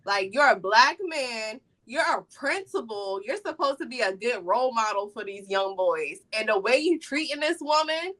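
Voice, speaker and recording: A woman with a bright, clear tone and a fairly high voice, hosting a relaxed podcast chat. She talks expressively and leans hard on her points. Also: normal speed, hardly any pauses. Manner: expressive, emphatic. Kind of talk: casual chat reviewing a reality show.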